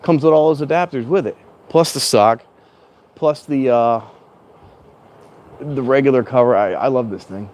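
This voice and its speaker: A man's voice: mid-range voice, moderate pace, long pauses, a little mellow. A man vlogging in a casual, rambling way outdoors at a train station in strong wind, talking into a clip-on mic plugged into his phone and now and then raising his voice. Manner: rambling, chatty, self-correcting, sometimes raises his voice. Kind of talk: casual rambling vlog chat. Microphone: clip-on mic plugged into a handheld phone.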